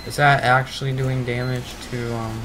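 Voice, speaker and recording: A young man giving casual, rambling commentary over his own gameplay, teasing himself and breaking into excited outbursts. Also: medium pitch, moderate pace, music in the background.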